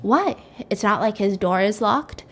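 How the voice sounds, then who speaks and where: A woman's voice: mid-range voice, expressive, a little slow, a bit bright, husky, full character voice. A woman voicing a stern, cold older female hospital director who interrogates a young doctor bluntly.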